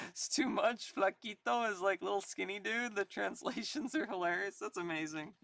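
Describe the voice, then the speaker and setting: A live streamer chatting casually to viewers, thinking out loud and laughing often, a little out of breath. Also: medium pitch, normal speed, vocal fry, dry recording.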